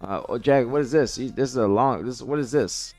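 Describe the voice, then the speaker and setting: Fast-talking man streamer chatting with viewers. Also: medium pitch, darkish tone, no echo. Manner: rambling, repeats himself, talks straight to chat. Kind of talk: casual livestream chat reading viewer messages. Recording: dry close mic with faint music behind.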